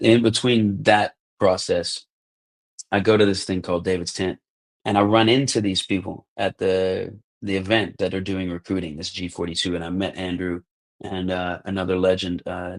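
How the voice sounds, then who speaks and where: An American man in his thirties, a podcast guest telling casual stories, animated, acting out the lines of people in them and often saying "like" and "bro". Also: deep voice, moderate pace. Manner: animated, acts out quoted dialogue, says "like" and "bro" often. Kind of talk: casual storytelling.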